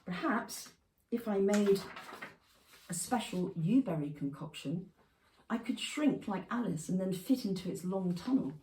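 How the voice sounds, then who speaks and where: A woman reading her own childhood memoir aloud at a festival, measured and expressive. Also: mid-range voice, a little hiss or hum. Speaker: prize-winning author reading her own memoir piece. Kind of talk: literary reading. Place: festival venue. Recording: roomy, from a distance.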